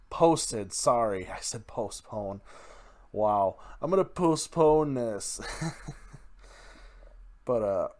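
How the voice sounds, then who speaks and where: A man's voice: on the low side, darkish tone. A man hosting his own podcast in a casual, rambling solo talk, correcting his own slips and laughing at himself. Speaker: podcast host.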